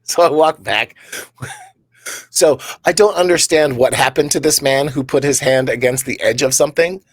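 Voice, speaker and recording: On a comedy podcast, a male co-host rambles through stories from his job and cracks himself up. He has a husky, medium-pitched voice, a moderate pace, and a recording free of room sound.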